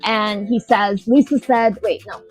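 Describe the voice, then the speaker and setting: A woman's voice: mid-range voice, fairly even intonation, a little slow, faint music behind, poor audio. A woman co-hosting a podcast, recapping a show in casual, blunt, profane, joking chat. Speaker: podcast co-host.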